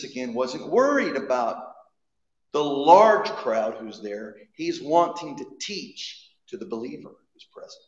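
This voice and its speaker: A man preaching a sermon, emphatic, often repeating and restarting his words. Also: medium pitch. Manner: emphatic, frequent repetitions and restarts. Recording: echoey hall, dull sound.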